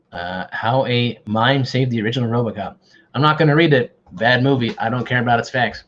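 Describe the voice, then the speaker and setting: A man's voice: medium pitch, moderate pace, fairly bright tone, lo-fi sound. A man hosting an online quiz, bantering casually and teasing himself. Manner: joking, self-deprecating banter. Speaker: quiz host.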